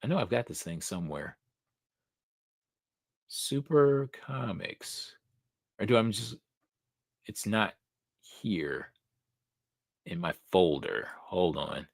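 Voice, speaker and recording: Slow, lively-voiced man hosting a live show. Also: low voice, gravelly, no echo, clean studio sound. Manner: thinks aloud, swears casually, excitable. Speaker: host of a comic book live show. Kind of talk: casual live-stream chat.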